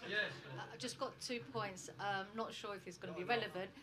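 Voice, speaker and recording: A woman from the audience hesitantly asking a question, with many pauses and fillers. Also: mid-range voice, background noise.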